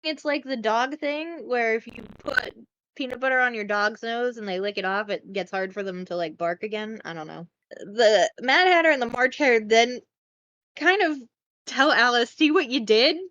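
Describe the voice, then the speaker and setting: A woman co-hosting a casual podcast, retelling a film in a chatty, profane, animated way. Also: on the high side, normal speed, no room sound, highs cut off. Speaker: podcast co-host.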